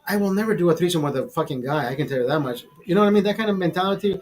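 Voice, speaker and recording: A man's voice: high voice, fast talker, poor audio. A man in his forties, the channel's host, telling a rambling story in a casual, profane way, full of restarts and laughter, and calling the listener brother. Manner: frequent laughter. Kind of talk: casual storytelling over a beer.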